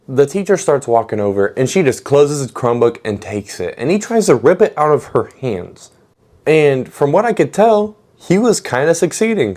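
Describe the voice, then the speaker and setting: Young man, story-time vlogger, animated slangy delivery with bursts of exclamation. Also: medium pitch.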